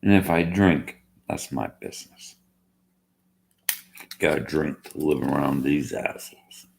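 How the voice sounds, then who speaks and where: Older man, bitter rambling rant, slurred gravelly voice, slow delivery. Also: very deep voice, a little hiss or hum. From Canada. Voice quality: slurred-sounding speech. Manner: bitter, argumentative. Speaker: vlogger.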